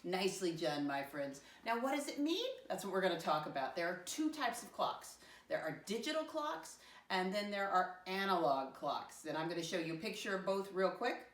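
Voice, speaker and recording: Woman teacher for a 1st-grade lesson, slightly low voice, encouraging, recorded from a distance in a roomy space. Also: big pitch swings. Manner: encouraging, addresses kids as "my friends", spells words out slowly. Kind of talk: first-grade lesson to camera. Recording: echoey room, voice from a distance.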